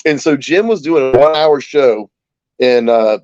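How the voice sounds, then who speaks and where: A man in his forties, a talk show guest, telling stories in a casual, lively way and acting out the voices of the people in them. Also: mid-range voice, normal speed, dry recording, lo-fi sound. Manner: animated anecdote teller, acts out quoted voices. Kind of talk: casual storytelling.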